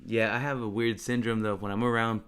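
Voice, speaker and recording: Bright-voiced teasing podcast guy. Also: fairly low pitch, little pitch movement, brisk, clear, resonant tone. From Brooklyn. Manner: easygoing, teasing, blunt swearing. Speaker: podcast co-host. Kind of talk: casual chat.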